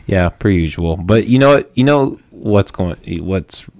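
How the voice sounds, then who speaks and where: Young male podcast host, very low pitch, dry close sound, self-mocking banter with frequent laughs. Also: animated, a little slow, a little mellow, no room sound. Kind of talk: casual chat.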